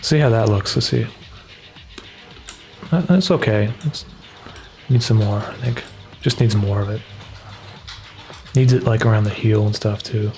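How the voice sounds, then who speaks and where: A man casually talking through his drawing on a livestream, rambling and relaxed, with lots of "like" fillers. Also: fairly low pitch, measured pace, pauses often. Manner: rambling, relaxed, heavy use of "like". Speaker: artist streaming his work. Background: faint background music.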